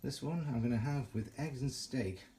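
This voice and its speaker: A man's voice: medium pitch, normal speed, mellow, slight background noise, poor audio. A man hosting a casual cooking and eating vlog, chatty and self-mocking, chuckling often. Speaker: cooking vlogger.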